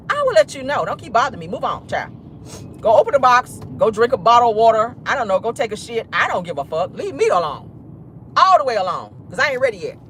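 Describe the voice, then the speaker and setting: Sassy, animated woman talking while driving. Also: on the high side, slight background noise. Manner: animated, sassy, swearing storyteller. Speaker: host. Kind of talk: casual gossip vlog. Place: in a car, driving.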